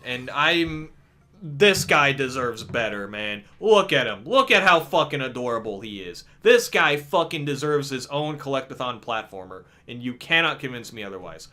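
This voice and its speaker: A young man talking casually about games in a vlog, swearing freely and stumbling over restarts. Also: mid-range voice. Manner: animated, profane, stumbling restarts. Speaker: gaming video creator. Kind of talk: casual gaming vlog commentary.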